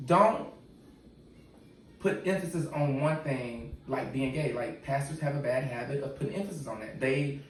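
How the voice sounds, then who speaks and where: A man speaks frankly in relaxed, slangy talk as a podcast guest. He sits well away from the mic in a very echoey room. A faint hiss of noise runs under the voice. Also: medium pitch, moderate pace, recorded from a distance. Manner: candid, talks in casual slang. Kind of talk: casual podcast conversation.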